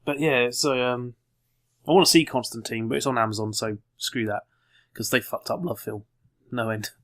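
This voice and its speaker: A man co-hosting a podcast, chatting casually in a quick, sarcastic way. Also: mid-range voice, steady tone, fairly bright tone. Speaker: podcast co-host. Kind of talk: casual review chat.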